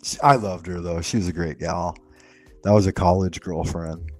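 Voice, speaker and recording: A man's voice: sits low, fairly even intonation, moderate pace, dry recording. Brief: a casual man, rambling and profane, a dry voice over a faint music bed. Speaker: livestream host. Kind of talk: casual chat.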